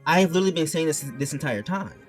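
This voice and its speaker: A man's voice: on the high side, lively intonation, racing, soft background music. A man ranting casually to his viewers, reading chat messages aloud and arguing back, his mic turned backwards. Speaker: streamer.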